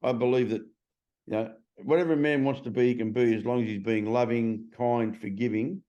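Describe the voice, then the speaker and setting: A man's voice: medium pitch, steady tone, normal speed, mellow, muffled recording. A middle-aged man in a casual interview. He is a transformation coach who talks bluntly and swears freely.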